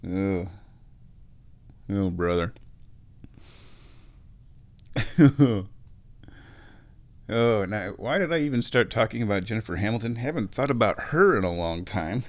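A middle-aged man with a fairly low voice, talking through memories in a loose, rambling way. He mocks himself and chuckles at his own jokes as he goes. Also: lively intonation, takes it slowly, pauses often. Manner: chatty, self-mocking, laughs at his own jokes. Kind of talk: rambling personal storytelling.

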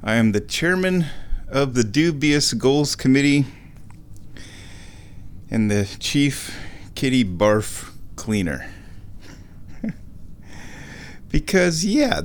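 A man casually narrating a home vlog from his kitchen, rambling and self-amused, often chuckling as he talks. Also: mid-range voice. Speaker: vlogger.

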